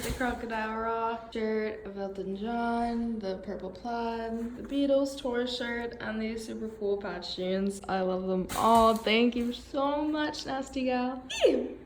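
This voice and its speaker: Bubbly young woman, slow chatty unboxing. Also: on the high side, reverberant, a little hiss or hum, poor audio. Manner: bubbly, chatty, breaks off to tease her cat. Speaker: fashion vlogger. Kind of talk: casual unboxing chat.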